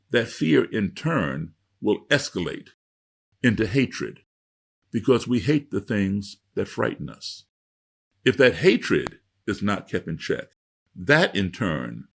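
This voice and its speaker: Middle-aged male guest, raspy and gravelly, lively pitch, emphatic lecturing storyteller. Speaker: guest speaker. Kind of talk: storytelling interview.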